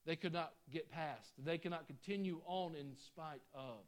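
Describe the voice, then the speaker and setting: High-voiced preacher guy, fired-up sermon, gets loud then goes real quiet. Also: normal speed. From United States. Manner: impassioned preaching, swings from loud bursts to hushed tones.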